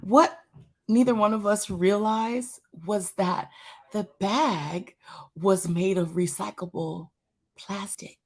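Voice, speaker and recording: A woman hosting a live church show, telling a story as a testimony, animated and talking straight to her listeners, often repeating her phrases. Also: medium pitch, takes it slowly.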